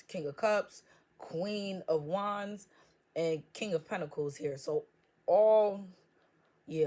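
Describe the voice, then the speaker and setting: A woman's voice: fairly low pitch, darkish tone. A woman giving a casual tarot reading, blunt and profane with joking trash talk. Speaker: tarot reader.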